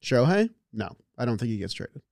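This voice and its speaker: A man's voice: mid-range voice, very animated, fairly quick, creaky, a little mellow, no echo, studio quality. A man filling in as co-host on a sports talk show, giving long analytical takes with some stumbles. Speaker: guest co-host.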